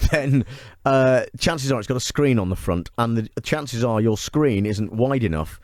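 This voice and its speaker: A man hosting a radio show, teasing his guest with quick, playful banter. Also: medium pitch, lively intonation, a little mellow, no echo. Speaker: radio host. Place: radio studio.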